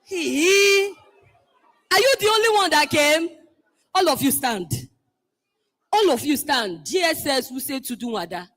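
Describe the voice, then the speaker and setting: A Nigerian woman hosting a live event, calling out schools one by one, playful and teasing, often shouting to get the crowd going. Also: sits high, animated, a little slow, long pauses. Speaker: event host.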